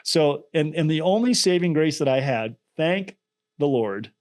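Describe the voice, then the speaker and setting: A middle-aged man, the founder of a nonprofit, telling a story as a guest in an interview in an earnest, animated way, often restarting his phrases. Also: fairly high pitch, measured pace.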